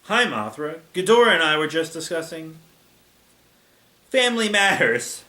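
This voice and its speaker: A man's voice: fairly high pitch, sing-song, a little slow, sharp tone, heavily acted. A man voicing an easygoing, friendly male giant lizard monster in a storybook reading. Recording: echoey room.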